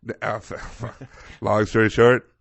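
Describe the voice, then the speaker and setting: Animated storytelling man, low voice. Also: unhurried, creaky, muffled recording. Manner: animated storyteller, acts out quoted people, profane. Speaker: podcast co-host. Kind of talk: casual storytelling chat.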